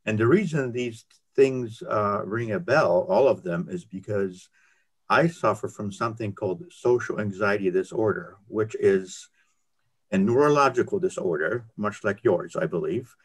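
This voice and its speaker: A man in the audience politely asking a question on a video call, pausing on fillers. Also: fairly low pitch, husky.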